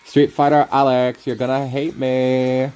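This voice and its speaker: A boastful male brawler from a fighting game, put on by a man, drawing out slow, halting brags. Faint music plays underneath. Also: medium pitch, level tone, warm tone, close to an everyday voice.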